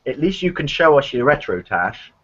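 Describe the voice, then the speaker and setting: A man co-hosting a casual group chat, teasing and rambling through his points. His pitch swings widely as he jokes. The sound is dull and lo-fi, with a faint hiss behind him. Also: moderate pace. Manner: joking, animated, rambling. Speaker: podcast co-host. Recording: dull lo-fi stream audio.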